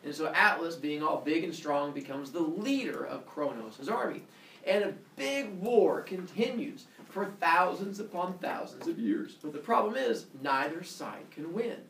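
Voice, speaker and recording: A man teaching a class, telling a story in an animated, goofy way full of sound effects, in a roomy classroom heard from far off. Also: on the high side, a little slow, slight background noise.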